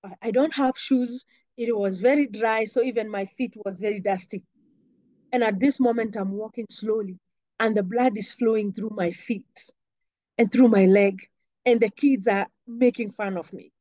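A woman's voice: medium pitch, normal speed, mellow, no room sound, lo-fi sound. A young woman earnestly recounting a painful personal memory in an interview. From Kenya. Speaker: interview guest. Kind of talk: personal storytelling.

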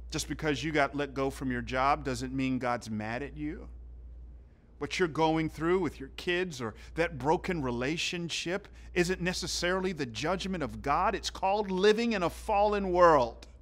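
A middle-aged man from the South, preaching a sermon with animated storytelling and loud bursts for effect. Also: medium pitch. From southern United States. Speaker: pastor.

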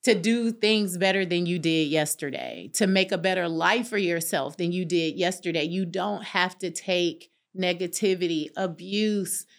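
A woman's voice: fairly low pitch, a little slow, hardly any pauses. A middle-aged woman from North Carolina, earnestly sharing a personal testimony as a podcast guest. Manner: earnest, emphatic, faith-driven storytelling. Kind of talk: candid testimony in conversation.

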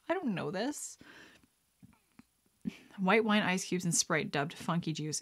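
A woman's voice: fairly low pitch, moderate pace, long pauses. A woman vlogger chatting casually while playing a trivia card game, reading questions aloud, muttering guesses and laughing. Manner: chatty and excitable, squeals and laughs at right answers.

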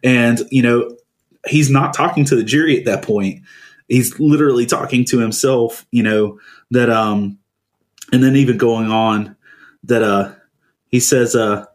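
A man co-hosting a casual podcast chat, animated and jokey, reading quoted lines aloud with feeling. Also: mid-range voice, unhurried. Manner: jokey, laughs while talking. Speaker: podcast co-host.

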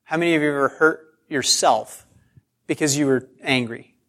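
A male pastor with a voice on the high side and a bit bright preaches at a moderate pace. It's a conversational sermon full of self-deprecating stories, with phrases repeated for emphasis and key words drawn out.

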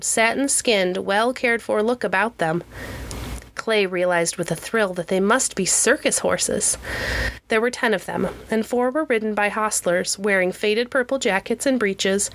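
A woman reading a children's chapter book aloud, clear and steady at a middling pitch. Her narration moves along at an even, patient pace. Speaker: audiobook reader. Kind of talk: storybook narration.

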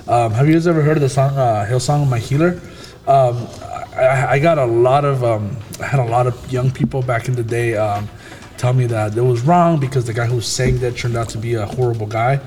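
A man hosting a casual faith discussion, talking in a halting way with many fillers and restarts. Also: medium pitch, fairly even intonation, a little mellow, big-room sound.

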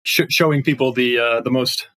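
A man with a bright, mid-pitched voice, chatting casually on a podcast. He hesitates and often trails off with "I don't know". The sound is dry and close. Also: fairly even intonation, moderate pace, dry recording.

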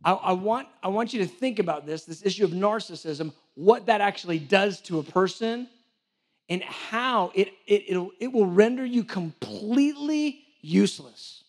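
Man, high-pitched voice, casual sermon, acts out dialogues, chatty preacher. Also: lively intonation, normal speed. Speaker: church director preaching.

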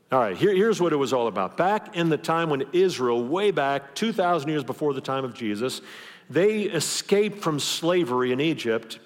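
A man preaches to his congregation in a relaxed, conversational way, circling back and restarting his phrases. His voice sits a little high for a man. The sound carries the long reverb of a church auditorium. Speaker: pastor. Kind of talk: sermon.

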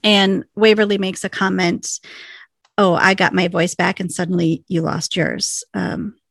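A woman's voice: fairly low pitch, level tone, measured pace, vocal fry, a bit bright, no echo. A woman casually recapping a TV episode, chatty, with lots of likes and ums. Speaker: podcast co-host.

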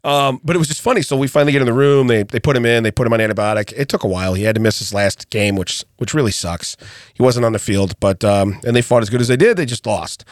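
A fast-talking middle-aged man with a medium-pitched voice co-hosts a podcast, sharing a family story in casual chat. There's no room sound and the studio sound is clean; he's an animated storyteller who laughs often and acts out what people said.

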